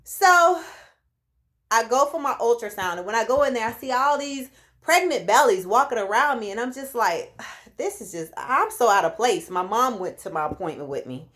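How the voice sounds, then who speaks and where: A woman in her late thirties talks straight to the camera in a relaxed vlog. Her voice sits a little high, and she tells her story in a lively way, acting out what each person said. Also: moderate pace. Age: 30s. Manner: animated, acts out quoted voices. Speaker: vlogger.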